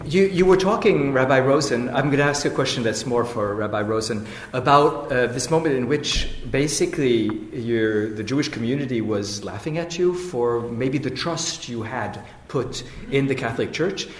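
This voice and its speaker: A man's voice: medium pitch, normal speed, hardly any pauses, slight background noise. Moderator man in an echoey hall. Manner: hesitant, probing. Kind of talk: panel questioning.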